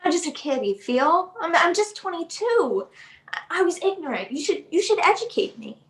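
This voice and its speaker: A woman's voice: very high-pitched, sing-song, moderate pace, a bit bright, echoey room, far from the mic, full character voice. Woman playing a slangy young influencer. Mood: defensive. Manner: slangy, defensive, affected put-on accent. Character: brash 22-year-old female social media influencer. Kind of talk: student theatre acting, live-stream monologue.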